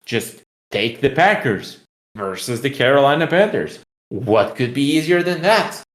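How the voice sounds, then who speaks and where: Male podcast co-host, mid-pitched, casual and teasing, sports betting chat. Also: animated, unhurried. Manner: joking, teasing banter.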